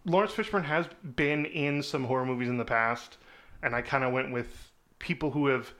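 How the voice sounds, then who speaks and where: A man talks through his picks on a relaxed podcast, full of ums and little laughs. His voice sits at an ordinary middle pitch. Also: moderate pace. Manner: rambling, filler-heavy, laughs often. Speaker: podcast co-host. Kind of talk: casual chat.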